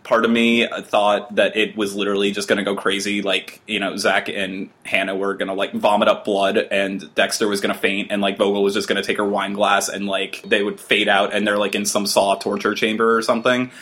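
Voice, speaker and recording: A man with a fairly low voice co-hosts a casual TV review chat. He riffs sarcastically and sounds exasperated, building animated stories about scenes that bored or baffled him. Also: brisk, hardly any pauses. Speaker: TV review podcast co-host.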